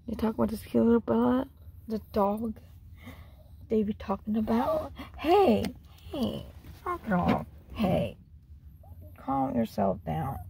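A woman's voice: on the high side, gravelly, dark tone, slight background noise. A woman filming her small dog, cooing and scolding it in baby talk.

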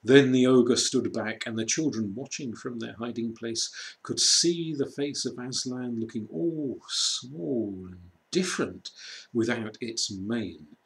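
Slow, measured man reading a storybook. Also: mid-range voice. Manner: slow, measured, dramatic pauses. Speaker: reader. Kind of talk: storybook read aloud.

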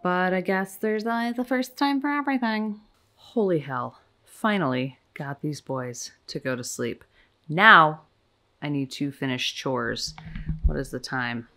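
A young woman and tired mother chatting at home in a home vlog, slipping into high sing-song baby talk. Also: lively intonation, a little slow, sharp tone. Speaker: mother of infant twins.

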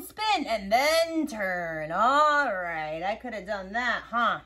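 A young woman hosting a children's learning video, talking slowly in a playful, repetitive, coaxing way as she shows each step. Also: mid-range voice, sing-song, a little hiss or hum. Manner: sing-song, repetitive, gently coaxing. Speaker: children's educational host. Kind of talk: slow, playful teaching to toddlers.

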